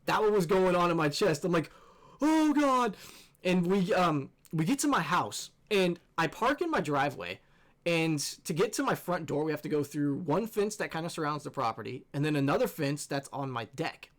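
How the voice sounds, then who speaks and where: A young man, host of a gaming channel, telling a scary story in an animated, excitable way and swearing freely. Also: on the high side, a little fast. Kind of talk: casual storytelling over gameplay.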